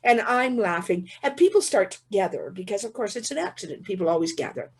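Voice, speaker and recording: A woman gives a keynote talk and tells a funny story from her own life. Her voice is slightly husky and breathy, and her pitch swings up and down a lot. She tells it vividly and often repeats a word as she starts a line again. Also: lively intonation, fairly quick. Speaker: keynote speaker.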